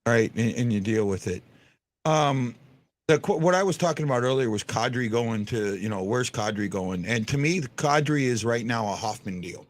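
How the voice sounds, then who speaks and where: A man's voice: mid-range voice, lively intonation, normal speed. A man hosting a fan podcast, chatting casually and rambling with lots of restarts and fillers. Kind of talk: casual live-stream chat.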